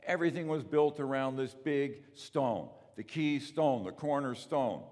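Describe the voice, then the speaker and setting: A man preaching a sermon, emphatic, asking rhetorical questions and swinging from loud to soft. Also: medium pitch, animated, a little slow. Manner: emphatic, rises and drops in volume, rhetorical questions. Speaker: pastor. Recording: long reverb of a large hall.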